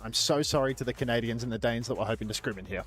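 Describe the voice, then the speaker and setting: A man's voice: medium pitch, racing, fairly bright tone, faint music behind. A man casting a co-stream, joking in casual chat with playfully boastful banter. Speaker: co-streaming esports caster.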